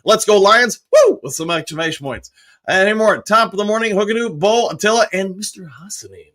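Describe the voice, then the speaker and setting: Bright high-voiced man hosting live chat. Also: expressive, quick pace. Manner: greets chatters by name, reads comments aloud. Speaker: host reading viewer comments. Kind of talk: casual live-stream chat.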